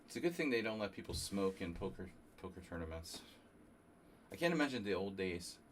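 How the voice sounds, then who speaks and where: A man from New Jersey streaming a chess simul, thinking aloud in a halting, casual way and coughing now and then. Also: low-pitched, big pitch swings, slight background noise. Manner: halting, muttering through chess moves with fillers.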